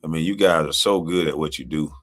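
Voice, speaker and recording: A man's voice: very deep voice, fast, a bit bright. A man streaming commentary on video clips, taunting and dismissive. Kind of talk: casual reaction commentary.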